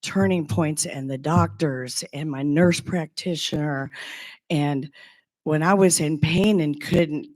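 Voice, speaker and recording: A woman in her sixties giving a heartfelt personal testimonial as a former clinic patient, talking in an earnest, halting way with frequent restarts. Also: low-pitched, a little mellow, dry recording. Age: 60s.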